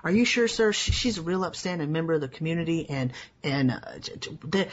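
A man's voice: fairly high pitch, animated, fairly quick, dull audio, pitched above the performer's own voice, close to an everyday voice. A man voicing a folksy, rambling small-town police officer who stammers and misses the point. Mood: earnest.

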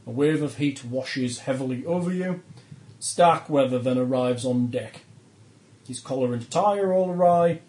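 A man's voice: medium pitch, moderate pace, a little mellow, poor audio. A man running a tabletop role-playing session as game master, narrating the scene with frequent ums and uhs.

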